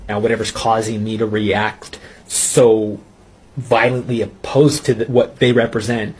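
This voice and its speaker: A man telling his personal faith testimony in an earnest, intense way, pausing and restarting as he recounts it. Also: on the low side, flat delivery, darkish tone, husky. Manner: earnest, intense storytelling with halting pauses. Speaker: testimony speaker.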